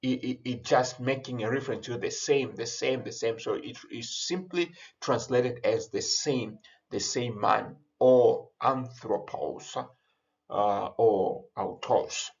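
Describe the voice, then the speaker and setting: Male Greek teacher for a recorded grammar lesson, slow halting delivery, gravelly voice, slightly dull sound. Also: medium pitch. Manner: slow, many hesitations and repeated words.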